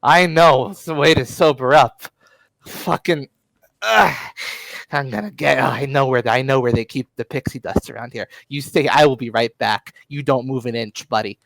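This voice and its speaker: A man voicing a pushy, grinning male schemer who talks fast and wheedles. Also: medium pitch, gravelly, a bit bright, no room sound, low-quality recording. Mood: scheming.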